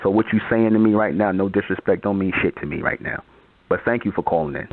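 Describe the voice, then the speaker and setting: Over a tinny, phone-like recording, a deep-voiced, fast-talking host of a call-in show takes a caller to task, swearing freely, speaking bluntly, and hammering the same points again and again.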